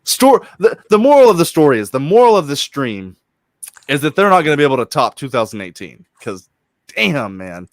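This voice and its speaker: A man's voice: on the high side, big pitch swings, fairly quick, dry recording, studio quality. A man co-hosting a casual gaming stream, swearing freely and retelling story scenes with passion.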